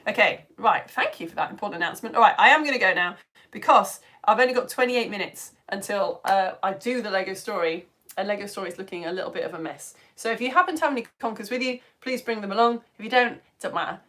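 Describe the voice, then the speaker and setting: A woman presenting a live-streamed science lesson for home educators, chatty and excitable as she greets viewers by name. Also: mid-range voice, quick pace. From United Kingdom.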